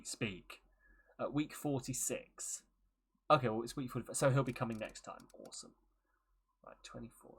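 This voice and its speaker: A man's voice: mid-range voice, a bit bright, slightly rough. A man casually commenting while streaming a game, rambling and joking with frequent laughs. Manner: rambling, jokey, laughs often.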